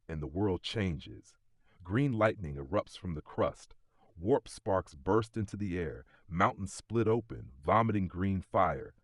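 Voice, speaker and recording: A man's voice: sits low, no room sound, studio quality. A man telling an epic story in scripted dramatic narration.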